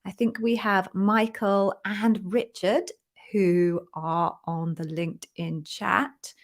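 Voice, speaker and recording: A woman's voice: mid-range voice, steady tone, slow. An English woman hosting a live Q&A stream from a home office, greeting viewers in a chatty, upbeat way. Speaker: interview coach hosting a live Q&A. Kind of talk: casual live-stream chat. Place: home office with a ring light.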